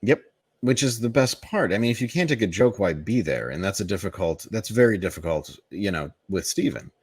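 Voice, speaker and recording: A man's voice: on the low side, animated, fairly quick, darkish tone, husky, no room sound. A man, a comedian guest on a podcast, telling a long candid story in a blunt, profane, rambling way.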